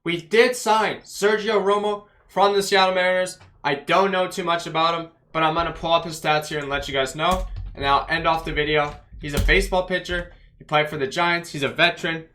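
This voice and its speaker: A man's voice: a little high, fairly even intonation, a little fast, sharp tone. A man hosting his own fan channel, ranting bluntly about a loss and rattling off stats and player names. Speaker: fan vlog host. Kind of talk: post-game fan rant.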